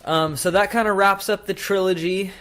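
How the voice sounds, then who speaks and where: A man co-hosting a casual podcast, retelling movie scenes with animated energy and acting out lines. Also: high voice, moderate pace. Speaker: podcast co-host. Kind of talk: casual chat.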